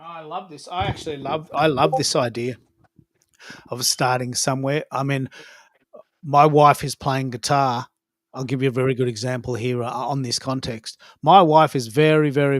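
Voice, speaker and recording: A man's voice: medium pitch, no room sound, studio quality. A man hosting a casual online audio chat, enthusiastic and fond of rhetorical questions. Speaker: host.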